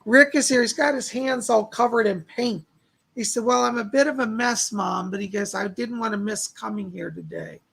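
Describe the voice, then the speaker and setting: Man, psychic medium, hoarse, gravelly, husky, live-stream readings, thanks donors. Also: high voice, normal speed, a bit bright. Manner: relays spirit messages, thanks donors by name. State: losing his voice, clearing his throat.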